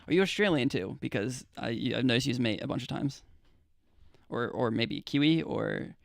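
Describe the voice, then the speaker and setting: A man's voice: medium pitch, animated, normal speed, vocal fry, no echo. A young American man chatting casually with viewers on his live stream, laid-back and rambling, with lots of fillers and restarts. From United States. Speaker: livestreamer.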